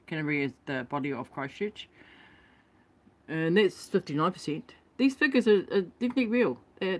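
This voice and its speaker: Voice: mid-range voice, fairly bright tone. A vlogger gives an indignant rant while reading out statistics. The speaker stumbles, restarts words and apologises while reading, and keeps calling things ridiculous. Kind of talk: ranting commentary reading statistics.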